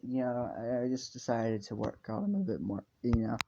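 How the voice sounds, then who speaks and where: A man's voice: medium pitch, lively intonation, moderate pace, gravelly, mellow. A man casually telling an improvised story, rambling with many fillers and restarts. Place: home room. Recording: dull lo-fi home mic with faint noise.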